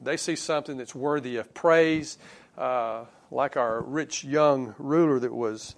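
A man preaching a sermon, earnest and unhurried, rising on key phrases and dropping low after.

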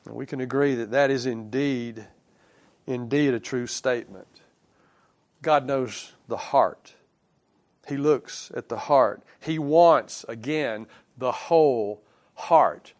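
A man preaching a sermon, earnest and unhurried, rising on key phrases and dropping low after.

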